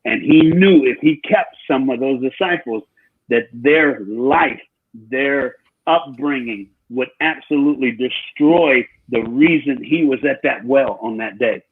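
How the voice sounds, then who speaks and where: A man's voice: medium pitch, a little slow, husky. A man, a guest speaker, telling stories in a preaching style, emphatic and repeating his phrases. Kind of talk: preaching storytelling. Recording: tinny phone-like call line.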